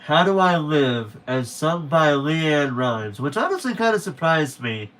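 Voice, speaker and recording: A man's voice: fairly high pitch, sing-song, measured pace, a bit bright. A young man chatting casually to viewers on a late-night stream, rambling and correcting himself as he goes.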